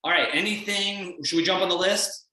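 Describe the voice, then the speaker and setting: A man's voice: high-pitched, normal speed. Male performance coach, blunt, emphatic, echoey room, distant mic. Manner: blunt, emphatic, energetic pep talk. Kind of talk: motivational talk on a call.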